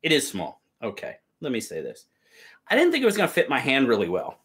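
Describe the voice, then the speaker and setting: A man's voice: medium pitch, wildly swooping pitch, a little fast, fairly bright tone. A man hosting a casual live stream, cheerfully greeting viewers by name and chatting about their gear.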